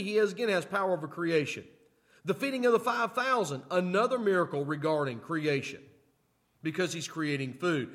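A man preaching a sermon in a folksy way, often asking "okay?" and moving between loud emphatic lines and quiet asides. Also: sits high. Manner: folksy, repeats "okay?" to check in with listeners. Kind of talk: sermon teaching.

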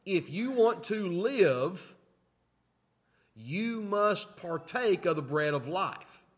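A man preaching a sermon in a folksy way, often asking "okay?" and moving between loud emphatic lines and quiet asides. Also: high-pitched, expressive, slow pace. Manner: folksy, repeats "okay?" to check in with listeners. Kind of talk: sermon teaching.

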